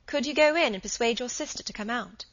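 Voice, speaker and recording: A smooth young Edwardian doctor coaxes and persuades, as a woman reads his lines. The voice is bright, and the storybook recording sounds a little dull. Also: a little high, fast talker, voice pushed up. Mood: persuasive.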